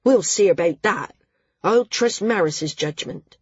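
A woman's voice: lowish voice, moderate pace, darkish tone, slightly rough, dry recording, lo-fi sound. A woman voicing a glum, touchy young man in a storybook reading.

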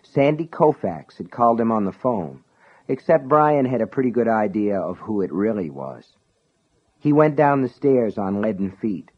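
Low-voiced man narrating. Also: sing-song, moderate pace, breathy edge. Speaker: audiobook narrator. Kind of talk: scripted narration. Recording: dull lo-fi recording.

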